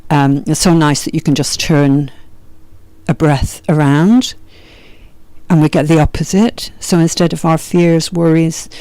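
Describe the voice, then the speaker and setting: A woman with a Yorkshire accent, a yoga teacher giving a gentle, meandering spiritual teaching talk. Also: low-pitched, fairly even intonation, unhurried, no room sound.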